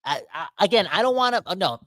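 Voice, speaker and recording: A man hosting a casual sports podcast, talking in a rambling, animated way that keeps interrupting itself. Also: high-pitched, fast, dry recording. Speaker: podcast host.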